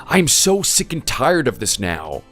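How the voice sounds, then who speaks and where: A man's voice: medium pitch, huge pitch swings, a little slow, fairly bright tone, faint music behind, full character voice. A man voicing an exasperated son-in-law in a voice-acted text story, speaking bluntly and scolding. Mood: angry.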